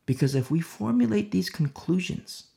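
A man preaching a sermon as pastor, swinging between loud emphatic lines and hushed near-whispers. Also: high voice, animated, moderate pace, vocal fry. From America.

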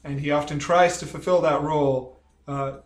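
A man's voice: a little high, fairly even intonation, moderate pace. A man describing his game character in a wry, understated way. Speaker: player. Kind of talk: casual podcast chat. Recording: echoey room.

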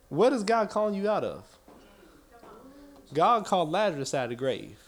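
A man's voice: sits high, very animated, moderate pace. A man preaching a sermon to his church, building in intensity with repeated phrases and folksy talk. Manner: impassioned, repetitive preaching cadence; folksy, with y'all.

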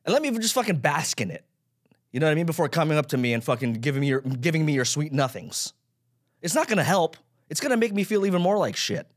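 Self-mocking man ranting, lively pitch. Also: quick pace. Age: 30s. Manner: self-deprecating, swearing, rambling. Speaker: podcast host. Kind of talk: casual solo rant.

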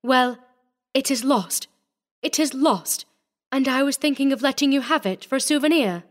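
A man's voice: very high voice, moderate pace, pitched above the performer's own voice. A man reading a story voices a cold, ironic young noblewoman with feigned innocence. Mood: coy.

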